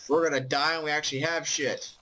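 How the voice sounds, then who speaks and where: A man's voice: fairly high pitch, fairly even intonation, fast, sharp tone, slight background noise, low-quality recording. A tired man casually commenting on his own gameplay as host, rambling with lots of ums and swearing. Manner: rambling, full of ums, profane. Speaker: let's play host.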